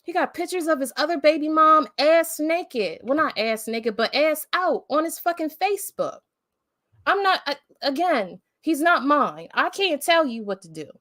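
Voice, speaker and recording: A woman's voice: high-pitched, expressive, moderate pace, a bit bright, no room sound, clean studio sound. A woman hosting a live stream, talking bluntly and emphatically with heavy swearing in casual commentary. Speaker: livestream host.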